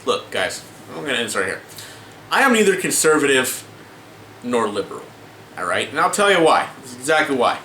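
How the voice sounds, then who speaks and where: A man's voice: mid-range voice, big pitch swings, fairly quick, pauses often, bright, forceful tone. Exasperated swearing man in echoey room. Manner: exasperated, swearing, many restarts and filler words. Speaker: vlogger. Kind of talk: casual ranting commentary to camera. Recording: echoey room with faint ambient noise.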